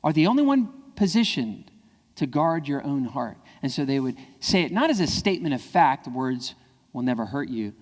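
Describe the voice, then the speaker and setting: A man's voice: fairly high pitch, moderate pace. A man giving a keynote speech to parents and teachers. He talks emphatically and acts out bits of dialogue. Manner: animated, emphatic, acting out dialogue. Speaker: keynote speaker. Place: large event hall. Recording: long hall reverb.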